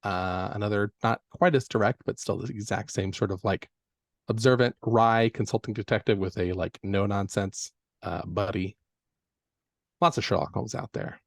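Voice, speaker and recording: A man's voice: lowish voice, steady tone, moderate pace, vocal fry, no echo. A man acting as game master at a live tabletop event, chatty and upbeat, with frequent fillers.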